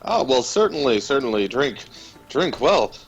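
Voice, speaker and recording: A man taking part in a tabletop role-play as a player, speaking his character's lines in his own relaxed voice. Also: medium pitch, unhurried, breathy edge, muffled recording. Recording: faint music behind.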